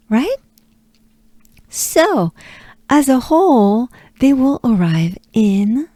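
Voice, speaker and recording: A woman from France with a French accent, coaching pronunciation patiently and repeating sounds in slow drills. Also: fairly high pitch, very animated, dark tone, dry recording, clean studio sound. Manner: patient, coaxing, repeats sounds slowly with breathy asides.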